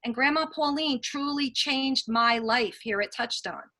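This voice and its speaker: A woman's voice: sits high, a little slow, sharp tone. A woman leading a team training call, telling earnest, motivational stories and taking questions from the chat. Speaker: sales team leader.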